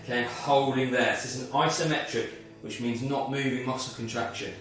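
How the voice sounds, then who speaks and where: A man's voice: mid-range voice, steady tone, brisk, fairly bright tone, very echoey, recorded from a distance, faint music behind. A man leading a guided movement and mindfulness workout as a fitness instructor, slightly out of breath, talking through each move step by step. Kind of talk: guided exercise class.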